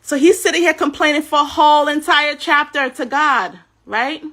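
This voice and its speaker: A woman giving a casual scripture teaching on a livestream, chatty and animated, often saying "like", talking into a computer webcam mic. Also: high voice, normal speed. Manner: chatty and animated, many "like"s, laughs. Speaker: spiritual teacher.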